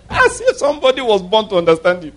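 A man's voice: sits high, wildly swooping pitch, brisk, fairly bright tone. A middle-aged man preaching a sermon with passion, asking the congregation rhetorical questions and breaking into laughter. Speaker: pastor.

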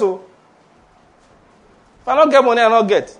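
A man preaching a sermon in an animated, playful way, laughing often and having the audience repeat phrases after him. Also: high-pitched, fast, long pauses.

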